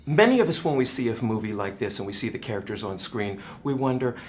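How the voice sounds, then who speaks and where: A man, an entertainment reporter, asking polished, measured questions in a press interview. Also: medium pitch, expressive, faint music behind.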